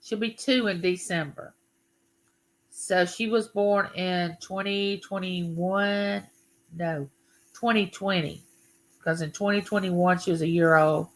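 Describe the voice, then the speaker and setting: A woman's voice: fairly low pitch, steady tone, slow pace. A woman hosting a casual live stream, chatting and greeting her viewers by name. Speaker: livestream host.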